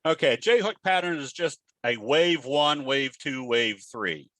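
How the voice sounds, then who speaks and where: A man's voice: mid-range voice, expressive, measured pace, fairly bright tone, no echo. A man giving a casual trading webinar in a folksy, storytelling way, with frequent restarts. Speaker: trading educator presenting a webinar.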